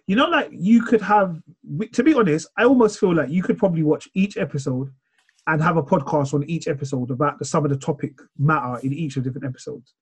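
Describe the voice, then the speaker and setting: A man chatting casually on a podcast, retelling a show in a rambling, animated way. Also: on the high side, fast talker, breathy edge.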